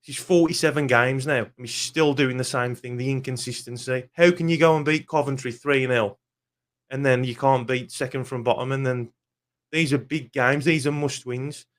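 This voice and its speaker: A man's voice: medium pitch, fairly even intonation, normal speed. A young man, ranting angrily and swearing bluntly in a football fan vlog. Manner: angry, swears often, blunt.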